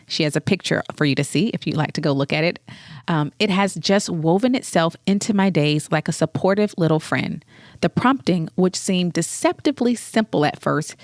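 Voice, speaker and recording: A woman's voice: lowish voice, dry recording, studio quality. A woman hosting a solo podcast, talking in an earnest, reflective, conversational way, a little congested. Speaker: podcast host.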